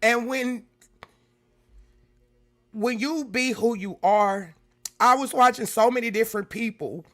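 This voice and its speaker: A woman hosting a casual livestream, greeting viewers by name and shifting between loud exclamations and quiet, emotional talk. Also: on the high side, slow pace, long pauses. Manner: emotional, swings from loud exclamations to soft near-whispers; talks straight to chat, greeting viewers by name. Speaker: YouTube livestream host.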